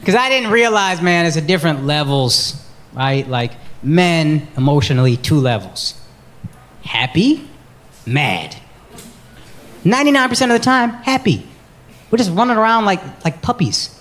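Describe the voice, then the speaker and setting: A man's voice: a little high, animated, normal speed, pauses often, a bit bright. A man doing stand-up, brashly and profanely teasing people in the audience and riffing on his relationship. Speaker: stand-up comedian. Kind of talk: stand-up crowd work and bits. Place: comedy club with a laughing audience. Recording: live club recording with crowd laughter.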